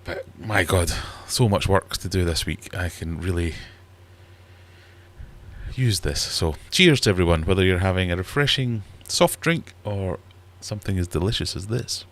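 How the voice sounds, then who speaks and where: Very low-voiced man rambling self-deprecatingly. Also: lively intonation, moderate pace, a bit bright. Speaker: livestream host. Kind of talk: casual livestream chat. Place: small warm fish room at home.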